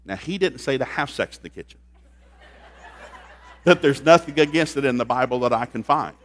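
A man preaching to a church congregation with a folksy, joking delivery. His pitch sits in the middle range. He drops into quiet asides and then builds to loud, excited outbursts. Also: moderate pace, slight background noise. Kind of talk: comedic sermon. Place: church service.

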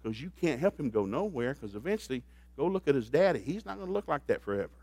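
A middle-aged man preaching a humorous sermon on marriage, folksy and joking, swinging from quiet asides to loud bursts. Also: mid-range voice, very animated, quick pace, husky. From grew up in a blue-collar factory family.

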